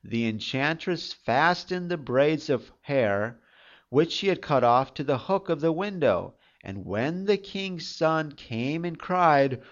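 Fairy tale narrator: slow, measured and expressive, recorded on a dull, lo-fi mic. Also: mid-range voice. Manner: expressive, unhurried storybook reading. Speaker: storyteller.

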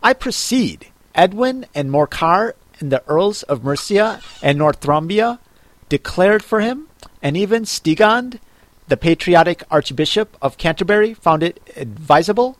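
A pedantic little mouse lectures in a prim, hurried way, getting cross when interrupted, as a man reading a storybook puts it on. The voice sits a bit high and bounces around lively. The recording is dry and close. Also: dry recording. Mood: lecturing. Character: fussy, pedantic little mouse reciting history.

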